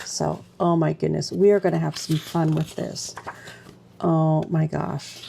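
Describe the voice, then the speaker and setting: A woman's voice: deep voice, creaky, mellow, a little hiss or hum. A woman vlogger chatting casually through a stationery unboxing, gushing and exclaiming as she goes.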